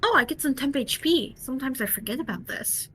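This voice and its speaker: A woman's voice: high-pitched, animated, a little fast, sharp tone, a little hiss or hum. A woman chatting casually as a player at a tabletop game.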